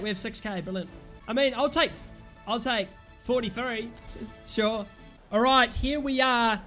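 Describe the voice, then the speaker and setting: Young British man, gameplay commentator, very high voice, exasperated and shouty. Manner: exasperated, yells at his players and the referee. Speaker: gaming YouTuber.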